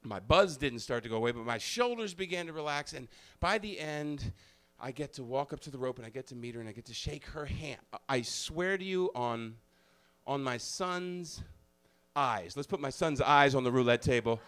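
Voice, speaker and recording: A male comedian telling a personal story live on stage, animated and profane, moving between loud bursts and hushed, confessional moments. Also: mid-range voice, normal speed, clear, resonant tone.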